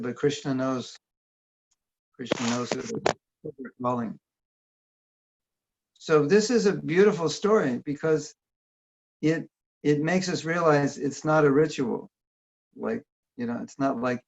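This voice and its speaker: Man, gravelly voice, chatty teacher, dull lo-fi call audio. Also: medium pitch. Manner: conversational, asks the audience questions. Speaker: workshop teacher. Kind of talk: casual spiritual talk. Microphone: video call.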